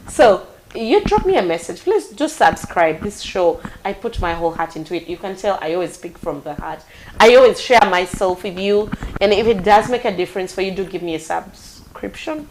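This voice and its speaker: A Ugandan woman hosting a live talk show, speaking in a heartfelt, animated way with big swings in pitch and loudness. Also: normal speed, slight background noise, low-quality recording. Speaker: radio and online talk show host.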